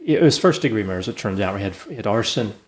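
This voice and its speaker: A man co-hosting a casual true-crime discussion, telling stories in a relaxed, wry way. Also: on the low side, very fast. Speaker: podcast co-host.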